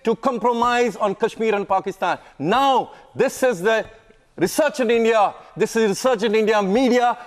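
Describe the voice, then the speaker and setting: A man's voice: high voice, moderate pace. A man speaking as a panelist on a heated TV debate, lecturing his opponent in a combative way.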